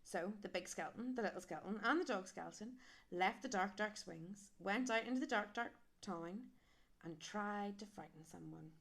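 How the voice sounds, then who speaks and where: A woman reading a children's picture book aloud, animated and adding sound effects and questions for young listeners. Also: medium pitch, normal speed, vocal fry.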